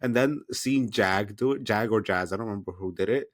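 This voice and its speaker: A man co-hosting a podcast, reacting expressively and chattily to a reality TV episode. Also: fairly low pitch. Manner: expressive, chatty, quick asides. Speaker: podcast co-host. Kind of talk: casual TV recap chat.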